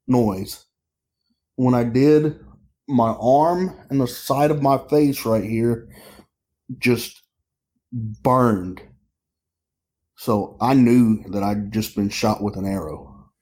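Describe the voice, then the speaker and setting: A sheriff's deputy recounts a call in an interview. His voice is mellow and relaxed, and he talks haltingly, repeating and restarting his words. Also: medium pitch. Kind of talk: interview storytelling.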